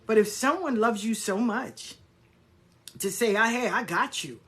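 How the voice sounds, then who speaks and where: Blunt, animated woman telling stories. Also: fairly high pitch, moderate pace. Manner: blunt, animated, acts out dialogue with swearing. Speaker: spiritual practitioner sharing stories. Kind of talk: casual storytelling chat.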